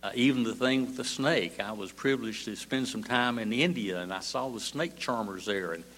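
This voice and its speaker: An older man preaching a sermon, slow and halting, with many fillers and repeated words. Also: medium pitch, a bit bright, slight background noise.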